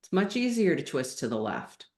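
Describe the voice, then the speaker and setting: A woman yoga teacher giving calm, measured guidance in an online class. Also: low-pitched. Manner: calm, measured instruction with gentle reassurance. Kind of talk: guest instruction in a live online class. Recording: echoey room.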